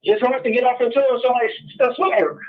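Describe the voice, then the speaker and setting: A man's voice: very high voice, quick pace, narrow, tinny audio. A man calling in by phone to a talk show, blunt and profane, repeating the same points over and over. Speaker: caller. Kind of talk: heated call-in conversation.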